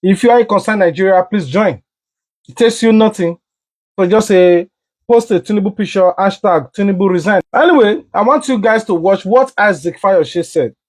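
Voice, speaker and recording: A man's voice: sits high, normal speed. A man hosting a commentary vlog, speaking earnestly and addressing his viewers directly. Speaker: vlog host. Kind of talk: commentary to camera.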